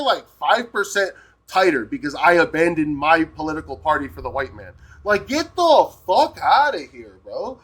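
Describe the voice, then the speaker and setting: A man's voice: a little high, sing-song, normal speed, a bit bright, breathy edge. A man from the United States ranting heatedly on a live stream, swearing a lot and tagging "right?" onto his points. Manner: profane, repeats "right?" constantly, heated.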